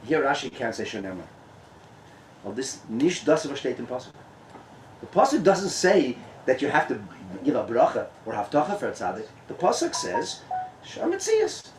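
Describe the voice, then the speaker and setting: Animated rabbi in an echoey tent. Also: male voice, mid-range voice, normal speed, a little hiss or hum. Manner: animated, switching between English and Hebrew and Yiddish terms, laughing often. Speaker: rabbi, guest speaker. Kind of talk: Torah talk at a gathering. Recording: echoey and distant room sound.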